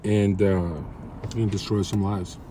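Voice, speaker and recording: A man's voice: fairly low pitch, level tone, normal speed, background noise. A man streaming from his car, talking in brash, crude trash-talk to his chat. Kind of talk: casual livestream chat.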